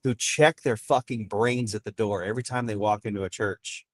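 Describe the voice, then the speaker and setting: A man's voice: fairly low pitch, normal speed, dry recording. Male author guest, ranting and emphatic, swears a lot, dry close sound. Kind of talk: casual profane chat.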